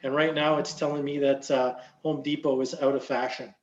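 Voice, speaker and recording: A man's voice: mid-range voice, flat delivery, normal speed, slight background noise. Man coaching trades in a roomy, dull room. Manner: loose, filler-heavy explaining. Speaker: trading coach. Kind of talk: casual market chat.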